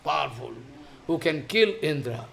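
A male religious teacher, a native Bengali speaker, telling a scripture story in a sermon, halting and repeating phrases and checking that listeners follow. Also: fairly high pitch, animated, vocal fry, fairly bright tone, a little hiss or hum.

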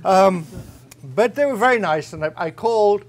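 A man lectures to a university audience in a fairly high voice. His tone is wry and conversational, and he pauses now and then to find his words. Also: animated. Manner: wry, conversational, with frequent hesitations. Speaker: guest lecturer. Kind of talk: academic lecture with humor.

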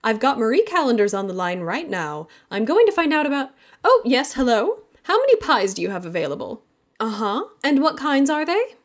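A woman voicing a bustling, practical mother in an audiobook, bright and loud. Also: a little high, big pitch swings, normal speed, pitched above the performer's own voice. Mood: brisk.

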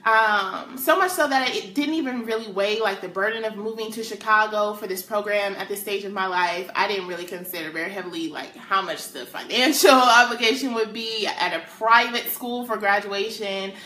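A young adult woman sharing a personal faith testimony with excited emphasis and casual slang. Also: medium pitch, moderate pace, hardly any pauses. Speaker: testimony speaker. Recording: echoey room.

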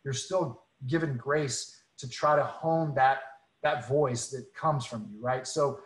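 A man's voice: mid-range voice, slow, reverberant, low-quality recording. A man telling a personal faith story in an earnest, conversational way, often restarting and repeating words. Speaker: guest speaker.

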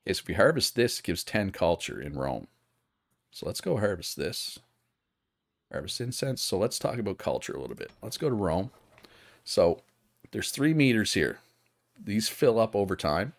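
Low-voiced man streaming a strategy game. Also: big pitch swings, moderate pace, vocal fry, long pauses, dry recording. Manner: casual, thinking aloud, reads chat and answers viewers. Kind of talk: live gameplay commentary.

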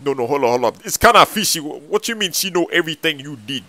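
A man voicing a loud, excitable young man in a video game skit who squawks his questions in slang. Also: fairly high pitch, fast. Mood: outraged.

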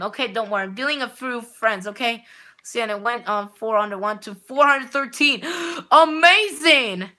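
Bright, high-voiced woman streamer. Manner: rambling, repeats words, talks straight to viewers; many restarts and filler sounds. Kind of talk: live gameplay streaming chat.

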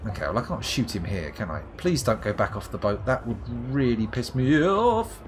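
With music playing behind him, a fairly low-voiced man swings widely in pitch at a moderate pace. He's a southern English streamer from the London area, sardonically swearing and muttering through live commentary on his game.

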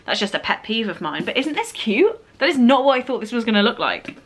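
Young female vlogger, gushing and squealy, pitch all over the place. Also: a little fast, background noise. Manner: gushing, excitable, squeals with delight. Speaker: book vlogger. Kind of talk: casual vlog, unboxing presents.

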